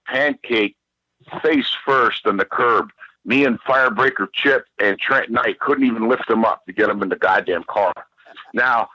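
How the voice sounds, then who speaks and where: A man with a forceful, tense voice tells a rambling story full of swearing and emphatic restarts. The sound is dry and close, with a dull, lo-fi tone. His pitch sits in the middle range for a man. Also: no echo. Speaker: podcast guest. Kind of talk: animated storytelling.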